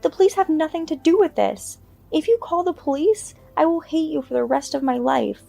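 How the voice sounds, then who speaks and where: A woman voicing an angry, defensive older mother-in-law with a shrill, indignant manner, over faint music. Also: animated, normal speed, dark tone. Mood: furious.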